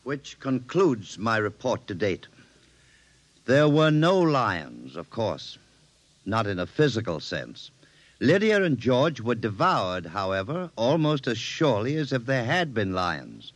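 An actor playing a doctor in an old radio drama, dry and matter-of-fact. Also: male voice, mid-range voice, big pitch swings, unhurried, dry recording. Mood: grave. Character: calm doctor and friend of the family.

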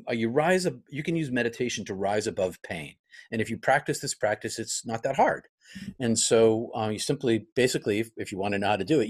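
Speaking in a lowish voice, the middle-aged pastor being interviewed reflects on a personal story. He voices his own earlier thoughts aloud and frequently starts his sentences over.

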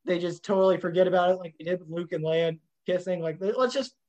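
A man hosting a casual movie chat, joking and animated. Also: sits high, fast talker, rough recording. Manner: joking, animated, does playful impressions. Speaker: podcast host. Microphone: home microphone on a call.

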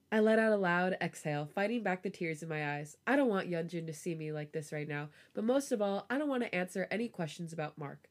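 A woman reading a romance story aloud on a podcast, with a relaxed storytelling voice. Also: lowish voice, fairly quick. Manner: laughs often, giggly reactions. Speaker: podcast host reading fan fiction aloud.

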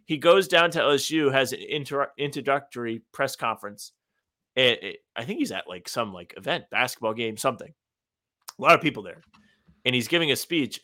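A man's voice: mid-range voice, animated, brisk, bright, forceful tone. A man co-hosting a casual sports podcast, telling rambling stories with mock indignation. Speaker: podcast co-host.

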